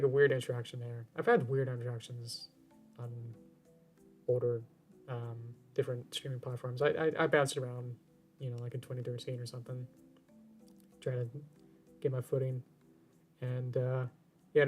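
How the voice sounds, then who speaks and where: A man streaming a game and chatting at an ordinary mid pitch, rambling in loose circles and stumbling over repeated words. Faint music plays softly behind his voice. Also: steady tone, normal speed, pauses often. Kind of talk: casual rambling stream chat.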